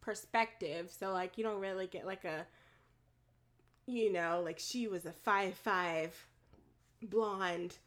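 A woman's voice: lowish voice, takes it slowly, long pauses, fairly bright tone. A woman co-hosting a podcast in casual chat, laughing often and telling stories with animation. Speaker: podcast co-host.

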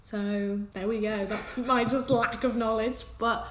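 A woman with an English accent co-hosting a podcast in casual, chatty talk, quick and quick to laugh. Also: on the high side, fairly even intonation, reverberant, slight background noise. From England. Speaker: podcast co-host. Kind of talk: casual chat.

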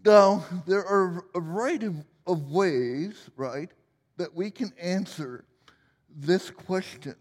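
A man's voice: high voice, slow pace, in a large hall. A man in his forties preaching a sermon as pastor, playful and joking at his own expense. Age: 40s. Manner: playful, self-deprecating humor.

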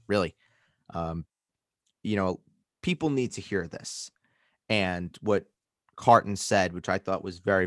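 A man hosting a casual podcast, an animated storyteller who swears freely. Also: low voice, dry recording, clean studio sound. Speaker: podcast host.

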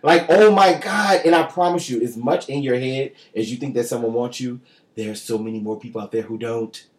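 A man's voice: medium pitch, a little fast, echoey room. A man telling a story in casual podcast chat, profane and laughing often. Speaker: podcast co-host.

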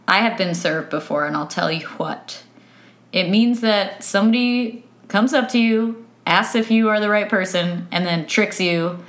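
A woman's voice: mid-range voice, unhurried, fairly bright tone. A woman co-hosting a podcast in casual chat, reacting playfully and teasing her co-host.

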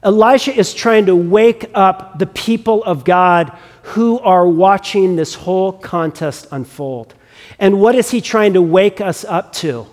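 A man's voice: sits high, darkish tone, long reverb tail. A man preaching a sermon as a pastor, talking conversationally and often restarting and repeating words.

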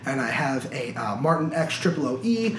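A man's voice: mid-range voice, sing-song, moderate pace, fairly bright tone, slight background noise. Young man rambling in an echoey room. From United States Midwest. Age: young adult. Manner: rambling, many restarts and fillers. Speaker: podcast co-host. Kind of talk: casual chat among friends.

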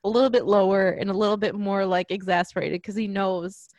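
A woman's voice: mid-range voice, fairly even intonation, fairly quick, darkish tone, dry recording. A woman co-hosting a podcast, chatting casually and giggling about a movie. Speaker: podcast co-host.

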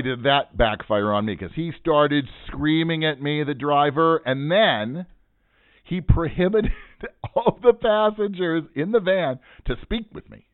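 A man's voice: fairly high pitch, measured pace, no echo, narrow, tinny audio. Guy telling a funny story, voice jumps all over, dry thin phone-ish sound. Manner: animated, joking, self-mocking storyteller. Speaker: financial advisor and podcast host. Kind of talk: casual storytelling monologue.

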